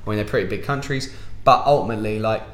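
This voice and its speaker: Roomy-voiced English man, animated and low. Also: fast talker. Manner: animated, swears freely. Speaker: guest musician. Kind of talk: casual podcast chat.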